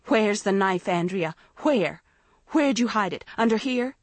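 A woman narrator voicing a frantic teenage girl who shrieks and insists in a shrill, raised voice, in a dry recording. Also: animated, measured pace, no room sound.

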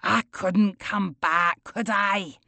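A woman voicing a gruff, dismissive old father. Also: mid-range voice, steady tone, takes it slowly, sharp tone, no room sound, full character voice. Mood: weary. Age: older. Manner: gruff, defensive and curt. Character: bitter older father, dismissive boozer. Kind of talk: audiobook character voice.

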